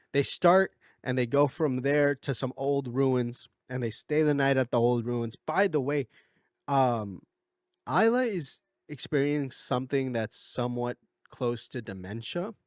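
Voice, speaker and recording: A man's voice: medium pitch, no echo, clean studio sound. Rambling man recapping a movie plot. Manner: rambling, filler-heavy, slips into goofy impressions. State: coughing a bit. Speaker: video essay host.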